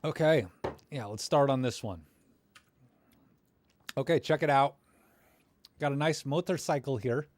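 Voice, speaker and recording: Male streamer, middle-pitched voice, chatty and rambling, dry close sound. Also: a little slow, pauses often, darkish tone, no room sound. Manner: rambling, filler-heavy, self-deprecating; friendly, encouraging toward viewers. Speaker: livestream host critiquing viewer photos. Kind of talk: casual live-stream commentary.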